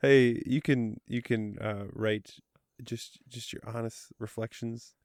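A man's voice: mid-range voice, no echo, studio quality. A man co-hosting a faith and film podcast, chatting casually and joking with his co-host. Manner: jokey, animated, quick to laugh. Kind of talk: casual chat.

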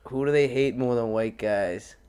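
A man's voice: mid-range voice, normal speed, darkish tone. A man co-hosting a podcast in crude casual banter, swearing and laughing often. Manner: profane, laughing, retells scenes with voices. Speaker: podcast co-host.

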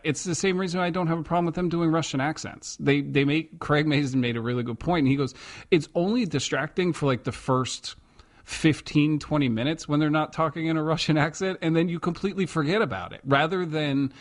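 A man co-hosting a podcast in casual chat, talking in an animated way with lots of restarts. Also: medium pitch. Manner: chatty, animated, many restarts. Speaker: podcast co-host.

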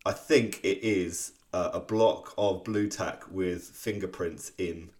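A man's voice: low voice, fairly even intonation, takes it slowly, darkish tone. A man co-hosting a podcast in casual chat, playful and rambling, teasing his co-host. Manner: playful, rambling, often restarts and teases.

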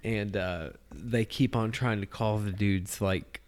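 Man podcast co-host, low and casual. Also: takes it slowly. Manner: short agreeing replies, casual swearing. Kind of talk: casual chat.

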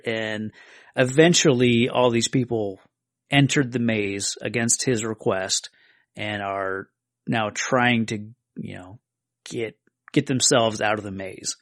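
A man's voice: on the low side, takes it slowly, no room sound, studio quality. A man hosting a casual podcast, walking through a film scene step by step in long explanations. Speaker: podcast host.

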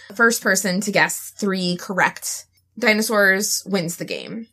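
A woman hosting a podcast in casual chat, giggly and animated. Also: mid-range voice, measured pace, husky. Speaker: podcast host.

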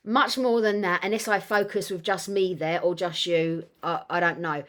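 A middle-aged woman co-hosting a podcast, talking in a blunt, excitable way and swearing freely in casual chat. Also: on the low side, moderate pace. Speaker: podcast co-host.

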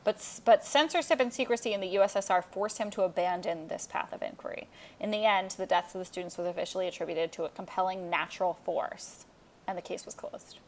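A young woman co-hosting a podcast, chatting casually in a playful, animated way and pushing wild theories. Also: mid-range voice, fast talker. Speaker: podcast co-host. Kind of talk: casual chat.

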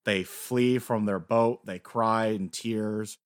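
A man co-hosting a casual podcast, excitedly recapping story events, swearing freely and acting out lines. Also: fairly low pitch, takes it slowly, dry recording, studio quality. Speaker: podcast co-host. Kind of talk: casual anime recap chat.

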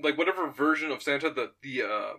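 Animated, rambling man. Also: mid-range voice, fast talker. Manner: animated, rambling, laughs often. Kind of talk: casual chat, retelling a fan script.

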